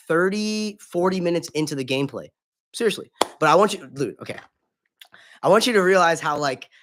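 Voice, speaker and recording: Running a relaxed gaming livestream, a man greets viewers by name with cheerful, chummy banter and casual swearing. He has a slightly bright voice that sits on the high side.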